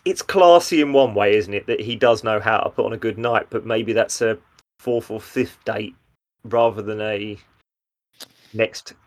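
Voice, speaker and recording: A man's voice: lowish voice, measured pace, pauses often. Man animatedly retelling scenes. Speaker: podcast co-host. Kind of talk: casual chat.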